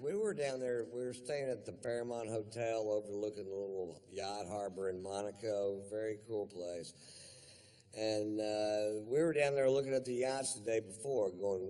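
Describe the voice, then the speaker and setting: Telling a lengthy tale, this stand-up comedian speaks in a somewhat low, a little mellow voice with a steady tone and moderate pace. He rambles easily, swearing a lot and leaning on fillers.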